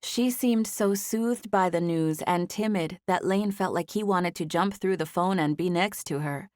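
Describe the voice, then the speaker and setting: Reading from a script, a woman tells the audiobook's story evenly and with measure, her voice sitting on the low side. There's no room sound, and the quality is studio grade.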